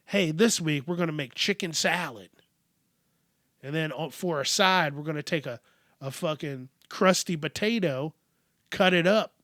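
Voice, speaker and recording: A man's voice: fairly high pitch, a bit bright, no echo, studio quality. A man hosting a comedic news podcast, ranting in a profane, rambling, sarcastic way. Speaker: podcast host.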